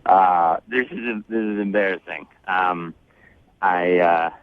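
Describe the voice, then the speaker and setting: A man calling in to a radio show, halting and stammering as he speaks earnestly. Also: low-pitched, no room sound, narrow, tinny audio. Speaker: caller. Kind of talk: nervous on-air phone call.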